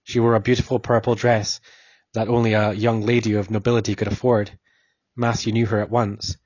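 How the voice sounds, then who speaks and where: A man reading a story aloud in a steady, even way. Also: fairly low pitch, a little fast, dry recording, dull audio. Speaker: narrator.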